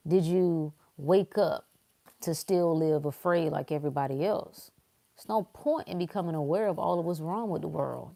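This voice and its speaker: A woman, talking bluntly in a casual spiritual talk, swinging between loud emphasis and hushed asides. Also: deep voice, normal speed, gravelly.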